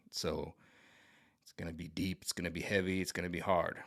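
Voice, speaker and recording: A man's voice: low-pitched, little pitch movement, fairly quick, fairly bright tone. A man giving a casual tarot card reading to his viewers, talking in a rambling, repetitive and emphatic way with many restarts. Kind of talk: casual spiritual vlog reading.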